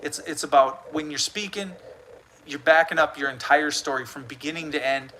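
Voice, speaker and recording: Bright-voiced American man livestreaming. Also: fairly high pitch, steady tone, normal speed, slight background noise, low-quality recording. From United States. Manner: rambling and earnest, with frequent restarts. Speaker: livestream host. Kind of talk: casual live-stream chat reading viewer comments.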